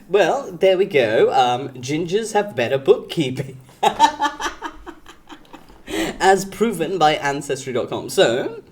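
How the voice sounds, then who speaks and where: A man's voice: a little high, very animated, takes it slowly, long pauses. A man streaming live, chatting casually with his viewers and teasing them, often breaking into giggles. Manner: giggly, breaks into frequent laughter; playful teasing, talks to chat by name.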